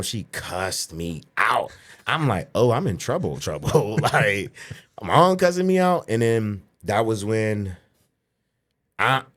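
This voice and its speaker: A man in his forties, from the Pittsburgh area, telling a profane childhood story as a podcast guest, animated and acting out the voices of people he quotes. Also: on the low side. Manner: profane, animated, acts out quoted voices, frequent "you know what I'm saying". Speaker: podcast guest, pro bodybuilder. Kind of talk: casual storytelling in a podcast interview.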